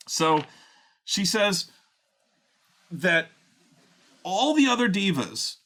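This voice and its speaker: A man's voice: high voice, pushed and bright. Sarcastic, exasperated man ranting. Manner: sarcastic, exasperated, swears a lot. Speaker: wrestling show reviewer. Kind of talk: profane ranting commentary.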